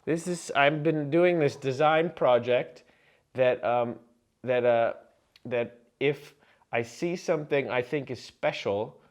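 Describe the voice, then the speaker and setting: A man vlogging to camera in a rambling, absurd comic monologue full of fillers and deadpan jokes. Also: mid-range voice, takes it slowly.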